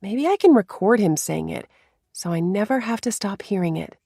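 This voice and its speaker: Woman storyteller, first-person romance narration, soft, confiding, hushed asides, mid pitch, dry close sound. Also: animated, moderate pace, vocal fry, husky, no room sound.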